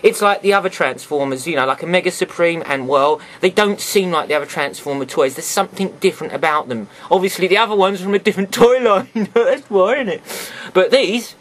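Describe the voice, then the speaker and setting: A man's voice: sits high, brisk, fairly bright tone. A man chatting casually as he reviews a toy for his viewers, full of sarcastic asides.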